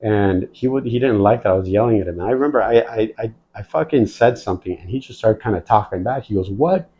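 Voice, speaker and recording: A man's voice: on the low side, fast talker, lo-fi sound, slight background noise. A man telling war-service stories in a casual, profane way, acting out the dialogue as he goes. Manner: profane, animated storytelling, acts out quoted dialogue. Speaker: guest, military veteran. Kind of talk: casual storytelling.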